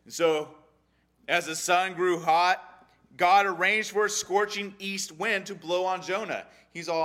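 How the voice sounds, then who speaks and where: A young adult man giving a casual sermon on a Bible story, animated and acting out the characters' lines. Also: sits high, unhurried. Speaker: Bible study teacher.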